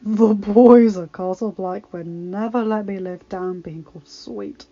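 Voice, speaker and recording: A woman voicing a devoted young husband and emperor, speaking softly and steadily. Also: unhurried, muffled recording, natural voice. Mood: gentle. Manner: soft, low-key, steady.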